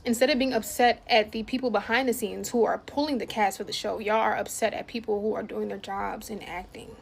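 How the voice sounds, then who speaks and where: A woman speaking in an exasperated, emphatic rant with a gravelly edge. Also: fairly high pitch, brisk. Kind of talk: casual rant.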